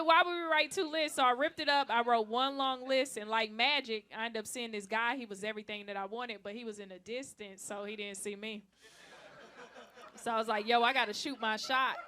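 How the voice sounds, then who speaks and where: A woman in her thirties doing a stand-up comedy set, brash and teasing the crowd, with loud acted-out bits. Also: on the high side. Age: 30s. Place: comedy club stage. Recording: live club recording with crowd. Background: audience laughter.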